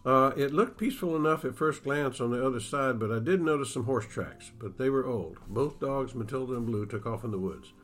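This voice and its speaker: A man reading aloud as an adult frontier cattleman scout, in a drawling, measured way. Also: medium pitch, fairly bright tone, lightly acted. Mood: steady.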